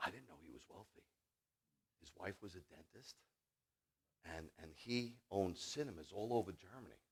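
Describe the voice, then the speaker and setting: Male preacher, animated and folksy; big volume swings, talks straight to the room. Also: low voice, moderate pace, breathy edge. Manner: animated, swings from loud declaring to near-murmured asides. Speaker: congregation leader preaching. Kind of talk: sermon with personal storytelling. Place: Shabbat service in a congregation.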